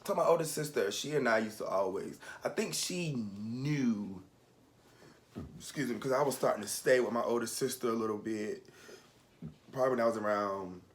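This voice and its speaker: A man's voice: mid-range voice, moderate pace. A young man telling a personal story in casual chat, candid and rambling, fighting back tears at moments.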